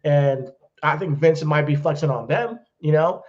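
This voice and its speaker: A man's voice: on the high side, unhurried, darkish tone. Blunt, profane man on dull lo-fi audio. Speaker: podcast co-host. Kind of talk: casual chat.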